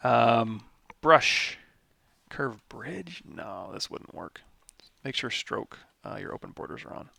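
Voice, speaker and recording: A tired man with a lot of vocal fry, teaching a live software tutorial and thinking aloud as he works through menus. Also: mid-range voice, sing-song, slow pace, no echo. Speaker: 3D modeling instructor.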